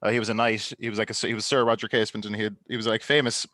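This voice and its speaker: A man's voice: on the low side, level tone, rapid-fire, bright, forceful tone, no room sound. Man rambling through comic banter. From Ireland. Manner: rambling, filler-heavy storytelling. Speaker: comedian contestant. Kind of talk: casual comedic banter.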